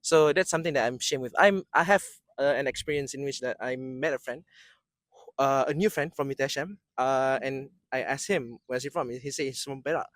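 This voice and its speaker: A man's voice: medium pitch, brisk, fairly bright tone, no echo. Young malaysian dude cohosting, jokey, trips over his words, mid voice, dead dry room. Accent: Malaysian English. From Terengganu, Malaysia. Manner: chatty, joking, self-deprecating, many restarts. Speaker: podcast co-host, university student. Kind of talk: casual chat.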